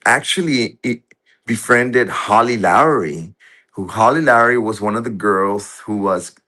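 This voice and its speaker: A man telling a story as a guest in casual conversation, halting and restarting often, with rough, profane speech. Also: medium pitch, fairly bright tone.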